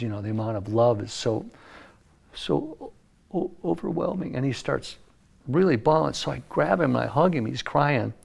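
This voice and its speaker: Gravelly older man telling studio stories. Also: medium pitch. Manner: animated anecdote-teller, acts out quotes. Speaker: music producer telling stories. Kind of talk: casual interview storytelling. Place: recording studio.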